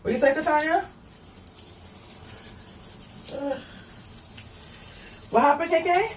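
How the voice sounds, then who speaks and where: A woman's voice: high voice, takes it slowly, a little hiss or hum. A young woman vlogging casually while she cleans, rambling and chatty, talking to a child off camera and reading comments aloud.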